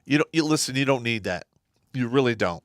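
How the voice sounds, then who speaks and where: Male co-host, lively swooping delivery, blunt storyteller, dry close mic. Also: medium pitch, fairly quick, no room sound. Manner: animated storyteller, blunt and profane. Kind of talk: casual live stream banter.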